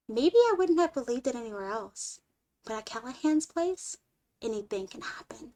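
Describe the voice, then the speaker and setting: A woman streamer reading a short story aloud in an expressive way, moving between lively and hushed delivery. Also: fairly high pitch, normal speed.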